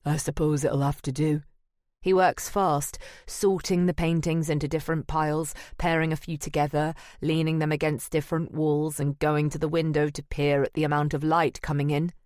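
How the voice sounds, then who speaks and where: A woman's voice: low-pitched, little pitch movement, normal speed, darkish tone, no room sound. A woman narrating a first-person audiobook in a wry, dry manner. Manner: wry and dry, present-tense telling.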